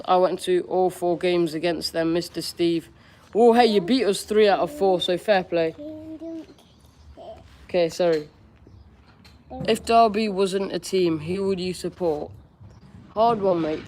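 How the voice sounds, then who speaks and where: A man's voice: high-pitched, darkish tone. A young man hosting a live-stream Q&A, reading viewers' questions aloud and answering in a chatty, candid way with casual slang. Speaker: football fan streamer.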